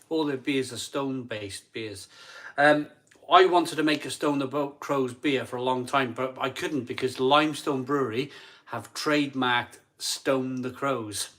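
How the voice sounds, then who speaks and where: A man's voice: mid-range voice, sharp tone. A middle-aged man from England hosting a casual live stream, chatty and eager, often restarting his sentences. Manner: chatty, stumbling restarts, eager pleas for likes.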